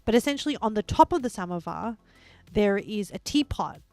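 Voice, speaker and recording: A woman livestreamer chatting casually while she builds in a game, rambling and excitable and laughing often. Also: mid-range voice, fairly quick, gravelly, dry recording.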